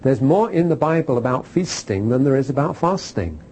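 A man teaching a Bible class, animated and repeating key phrases for emphasis, with filler "uh"s. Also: mid-range voice, moderate pace, slight background noise, poor audio. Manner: uses fillers like "uh".

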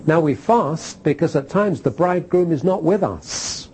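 A man teaching a Bible class, animated and repeating key phrases for emphasis, with filler "uh"s. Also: fairly high pitch, normal speed, a little hiss or hum, poor audio. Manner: uses fillers like "uh".

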